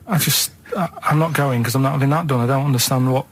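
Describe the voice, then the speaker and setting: A man's voice: mid-range voice, quick pace, noisy background. A man in his thirties on a radio show, chatting in a blunt, plain-spoken, stubborn way. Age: 30s. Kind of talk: casual radio chat. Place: radio studio.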